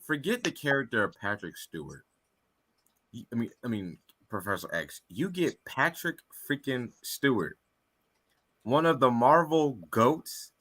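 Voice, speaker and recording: Animated ranting man. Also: medium pitch, a little slow. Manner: animated ranting, emphatic repetition. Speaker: podcast co-host. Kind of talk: heated casual movie chat.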